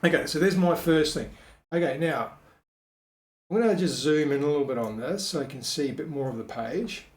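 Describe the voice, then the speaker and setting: A man's voice: on the high side, a little fast. Chatty man in an echoey room. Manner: chatty, thinks aloud with many ums and self-corrections. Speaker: web designer teaching a tutorial. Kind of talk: casual screen-share walkthrough.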